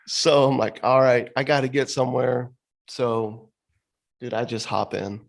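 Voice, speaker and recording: A man's voice: medium pitch, steady tone, unhurried, creaky. A man co-hosting a podcast, telling a story in casual chat, laughing often and saying bro and dude. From Florida. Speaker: podcast co-host.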